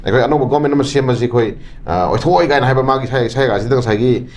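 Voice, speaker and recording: Rapid-fire man from Manipur. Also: mid-range voice, slight background noise. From Manipur, India. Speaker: political activist guest. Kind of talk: political analysis interview.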